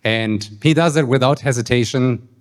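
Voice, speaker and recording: A man's voice: mid-range voice, moderate pace. German-accented best man giving a toast. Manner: hesitant with fillers, lightly joking. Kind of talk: wedding toast speech.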